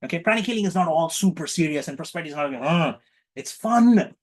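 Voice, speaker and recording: A man guides an online group healing session over a video call microphone, speaking very fast at a somewhat raised pitch. He's playful and teacherly, repeating each question to his listeners.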